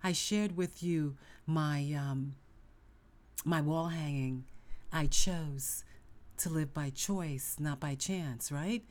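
A woman's voice: low-pitched, takes it slowly, darkish tone. A middle-aged woman hosting a motivational self-help podcast, speaking emphatically with lots of repetition and sudden whispered asides. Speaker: podcast host.

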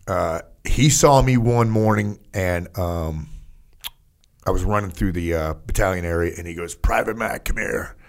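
An older man, an army veteran, telling stories in a casual interview, profane and animated, full of fillers. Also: low voice, moderate pace, smooth.

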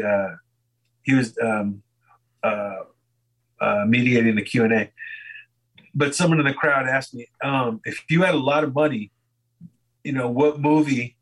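A man's voice: medium pitch, fairly bright tone, poor audio. Man telling a rambling story. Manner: rambling, laughs often. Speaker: podcast guest. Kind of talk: casual storytelling chat.

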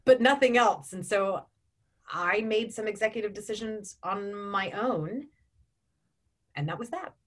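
A woman's voice: mid-range voice, expressive, measured pace, long pauses. A woman in her forties, an audiobook narrator and voice actor, talking in a chatty interview with frequent ums and restarts. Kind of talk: casual interview chat.

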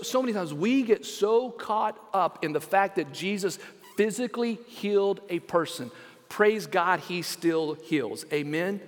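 A man pastor preaching a sermon, telling stories and acting out quotes with lively emphasis. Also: fairly high pitch. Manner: animated storytelling with acted quotes. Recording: reverberant church hall.

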